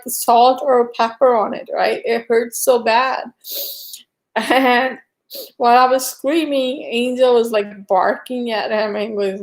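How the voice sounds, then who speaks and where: A woman chatting casually on a live stream tells a rambling story full of fillers. She also slips into high, cooing baby talk aimed at her dog.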